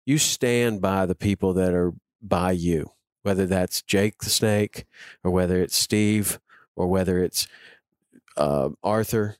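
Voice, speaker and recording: A man's voice: low-pitched, slow pace, clear, resonant tone, no echo, studio quality. A man interviewing a guest in the guest's home, earnest and admiring, with many fillers. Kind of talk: casual interview.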